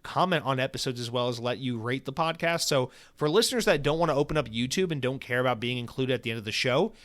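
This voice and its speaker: An American man hosts his own podcast, speaking casually at a quick pace in a mid-range voice. He is lively and sarcastic, swears freely and peppers his speech with fillers.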